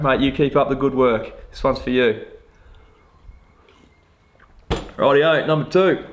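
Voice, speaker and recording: A young Australian man answering viewer questions about fishing in a relaxed, joking, self-deprecating chat full of slang. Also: medium pitch. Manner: laid-back, matey slang, self-deprecating. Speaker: fishing vlogger. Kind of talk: casual Q&A chat.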